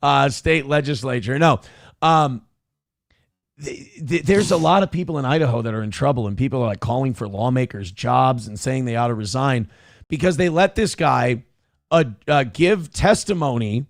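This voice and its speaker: A man's voice: mid-range voice, normal speed, vocal fry, no echo, studio quality. A man hosting a morning show, chatting loosely, swearing, laughing and reading viewer messages aloud. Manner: loose, profane, laughing, does mock voices in stories. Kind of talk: casual banter and reading chat messages.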